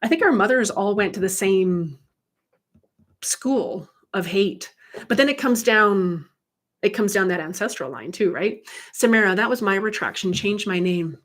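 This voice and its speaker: A woman's voice: mid-range voice, lively intonation, a little slow. A middle-aged woman hosts a casual livestream as a medium and life coach. She talks in a chatty, candid way, tells personal stories and reads viewer comments aloud into a computer mic.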